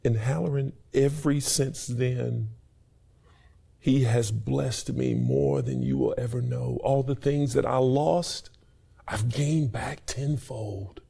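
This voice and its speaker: A man's voice: medium pitch, fairly even intonation, takes it slowly, gravelly, warm tone, husky. A middle-aged man giving an earnest, preacherly personal testimony in an interview, repeating words as his feeling builds. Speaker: university staff member and interview guest.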